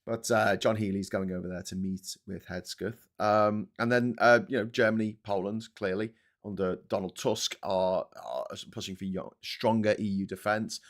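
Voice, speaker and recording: A man's voice: fairly low pitch, fairly even intonation, moderate pace, few pauses. Sweary ranting Scouse man in his forties. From Liverpool, England. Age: 40s. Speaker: host. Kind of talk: casual live-stream commentary.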